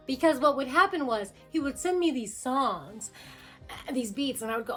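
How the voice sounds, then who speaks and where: A young woman musician talking casually to camera about making her album, full of fillers and quick asides. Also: high voice, a bit bright, faint music behind. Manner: chatty, filler-heavy, jumps into quoted voices.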